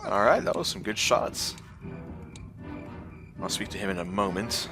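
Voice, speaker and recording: A man's voice: on the low side, unhurried, loud music behind the voice. A man giving casual, muttered commentary while playing a game. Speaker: gameplay commentator. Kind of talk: casual let's-play commentary.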